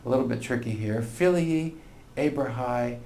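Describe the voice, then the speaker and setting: A man's voice: mid-range voice, moderate pace, warm tone, roomy sound, slight background noise. A man teaching a recorded Latin lesson, explaining grammar patiently and step by step with frequent fillers.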